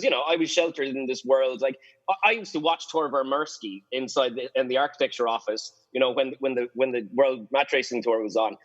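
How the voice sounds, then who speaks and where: An Irish man, a guest on a podcast, telling stories in a casual, lively way and acting out the voices of people he quotes. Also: medium pitch, muffled recording. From Ireland. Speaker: guest, sailing photographer.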